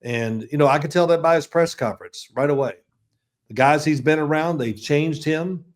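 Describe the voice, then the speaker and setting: A man in his sixties with a fairly high voice and normal speed appears as a football analyst guest. His casual interview is full of meandering, chatty anecdotes, restarts and chuckles.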